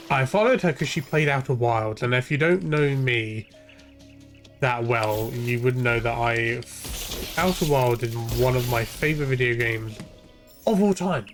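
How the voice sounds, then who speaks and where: A young man ranting and swearing freely while streaming a game, rambling from point to point. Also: medium pitch. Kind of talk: ranting live gameplay commentary.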